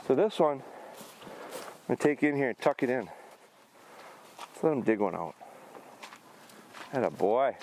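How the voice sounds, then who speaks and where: A middle-aged man training a hunting dog outdoors, explaining his approach in a relaxed way between short commands. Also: a little slow, pauses often, slight background noise. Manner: high excited praise to the dog. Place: outdoors in a field.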